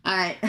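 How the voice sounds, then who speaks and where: A woman reading tarot cards on a live stream, chatting straight to her viewers in a casual, blunt way with slangy asides. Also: fairly high pitch. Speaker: tarot reader.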